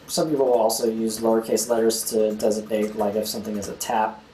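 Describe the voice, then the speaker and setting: Young male tutorial host, relaxed and chatty, scats beats; roomy sound with faint ambience. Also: fairly low pitch, quick pace, slight background noise. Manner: casual, talks while clicking, scats rhythms aloud. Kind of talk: screen-recorded software tutorial.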